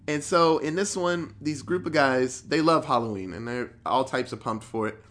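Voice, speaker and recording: A man's voice: medium pitch, moderate pace, fairly bright tone. A man in a casual chat, recapping a horror movie in a rambling, profane way with lots of fillers.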